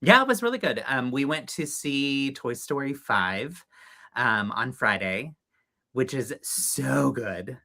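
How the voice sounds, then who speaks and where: Male livestream host, chatty and upbeat, bright tone, lots of filler words. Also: mid-range voice, animated, takes it slowly. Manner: chatty, upbeat, many ums. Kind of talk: casual livestream chat.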